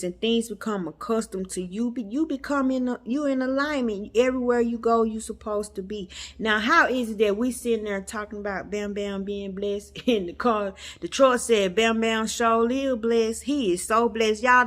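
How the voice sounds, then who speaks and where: A woman's voice: fairly high pitch, normal speed, hardly any pauses, a bit bright. A woman vlogger telling a story to her viewers in a chatty, emphatic way, calling them y'all. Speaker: metaphysics vlogger.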